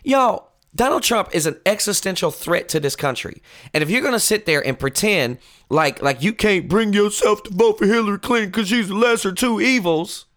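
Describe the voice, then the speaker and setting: A man hosting a talk show, delivering a mocking, animated political commentary monologue that swings from loud outbursts to low, earnest tones. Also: normal speed.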